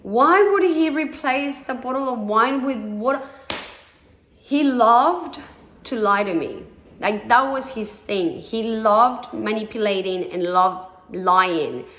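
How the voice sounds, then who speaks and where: A woman's voice: on the high side, expressive, takes it slowly, fairly bright tone. Blunt woman in her thirties telling her story. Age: 30s. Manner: frank and blunt, swears freely, acts out quoted voices. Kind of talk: candid personal storytelling. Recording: echoey room.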